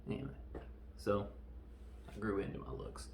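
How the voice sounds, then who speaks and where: Gravelly man rambling in a roomy room. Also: lowish voice, expressive, moderate pace, darkish tone, slight background noise. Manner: joking, self-deprecating, loose. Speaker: podcast host reviewing a film. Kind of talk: casual rambling film review. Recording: roomy echo.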